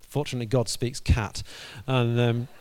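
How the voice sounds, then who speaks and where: Animated male preacher telling a story. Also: medium pitch, moderate pace. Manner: animated, acts out the dialogue of the story. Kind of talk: sermon storytelling.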